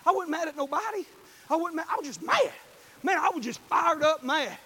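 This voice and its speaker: A man preaching a sermon in church, telling folksy stories with fervent bursts of shouting. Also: extremely high pitch, expressive, a little fast.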